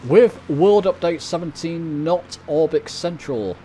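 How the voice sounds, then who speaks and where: While flying in his simulator, a British video host keeps up casual, chatty commentary aimed at his viewers. His fairly high voice is animated yet dark in tone, his pace measured, and the poor audio has a little hiss or hum.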